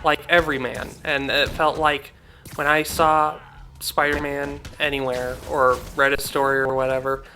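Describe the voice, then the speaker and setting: A man's voice: mid-range voice, flat delivery, normal speed, pushed and bright. A young man hosting a gaming channel, chatting casually and heartfelt over gameplay, rambling with many fillers.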